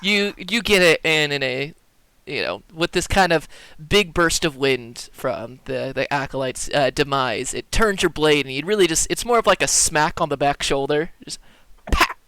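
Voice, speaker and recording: A man's voice: fairly high pitch, normal speed, smooth, no echo. A man narrating and ruling as dungeon master in a tabletop game, talking loosely with many fillers. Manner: animated, with filler-laden narration.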